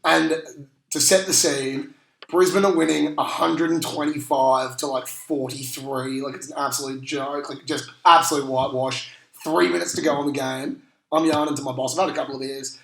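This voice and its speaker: Give me a young aussie podcast host, gravelly and slangy, telling a story in an echoey room. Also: male voice, fairly high pitch, fairly even intonation, normal speed, a bit bright. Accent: Australian. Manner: rambling storyteller, slangy and swearing. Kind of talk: casual chat. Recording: roomy echo.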